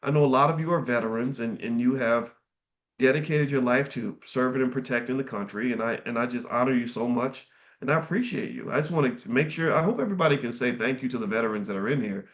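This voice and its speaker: A man's voice: medium pitch, quick pace, a bit bright, muffled recording. A middle-aged man hosting a livestream, speaking earnestly to his chat viewers, often repeating words and restarting his sentences. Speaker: livestream host.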